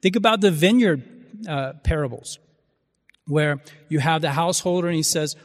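A man preaching a Catholic sermon, speaking in a halting way and often repeating words as he searches for his phrasing. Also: on the high side, in a large hall.

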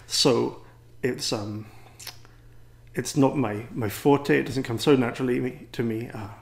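A man's voice: medium pitch, steady tone, measured pace, gravelly. A man with an English accent, a priest and teacher, giving a wry, rambling, self-deprecating talk to a gathering. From England.

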